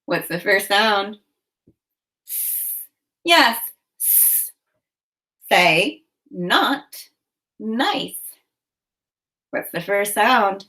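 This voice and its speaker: Slow, encouraging woman teaching phonics. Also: medium pitch, animated, pushed and bright, poor audio. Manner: slow, clear, encouraging prompts. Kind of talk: phonics lesson for children.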